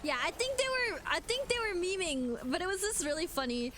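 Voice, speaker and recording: A young woman with a high, bright voice chats casually on a game stream. She giggles easily and fills her talk with loose fillers. A faint hiss of noise sits under her voice. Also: big pitch swings, brisk. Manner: chatty, giggly, many fillers.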